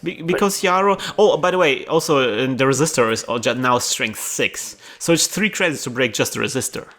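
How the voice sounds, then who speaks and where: A man giving casual, chatty commentary on a card game tournament match, excitable and quick to laugh. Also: mid-range voice.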